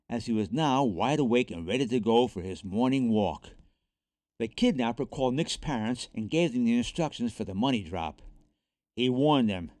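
Man, storybook reading, expressive, very lively pitch, dry close sound. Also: dry recording. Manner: lively, expressive read-aloud. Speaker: narrator.

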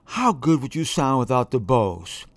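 A man's voice: mid-range voice, sing-song, a little slow, no echo. A man voicing a sentimental female cello bow who snivels and gushes. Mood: indignant. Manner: sniveling, gushing.

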